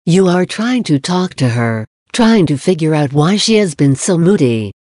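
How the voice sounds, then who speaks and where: A voice speaking as a friendly chipmunk narrator, giving calm, measured scripted narration. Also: mid-range voice, dry recording, studio quality. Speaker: narrator of a parenting advice podcast.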